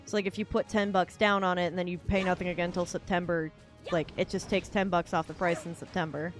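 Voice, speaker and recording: A woman's voice: on the low side, flat delivery, a little fast, faint music behind. Young woman streamer, rambling casual chat. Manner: rambling, lots of "like" fillers, laughs often. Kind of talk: casual chat while gaming.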